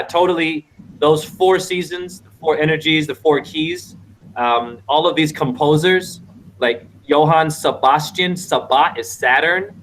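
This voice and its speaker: A man's voice: a little high, fairly bright tone. A man hosting a casual online panel, lecturing in a rambling way with wordplay over a video call.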